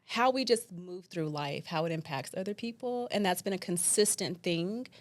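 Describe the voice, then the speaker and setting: A woman's voice: lowish voice, normal speed. A woman, co-hosting a casual chat. She talks emotionally, laughs often and says "like" a lot. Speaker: podcast co-host.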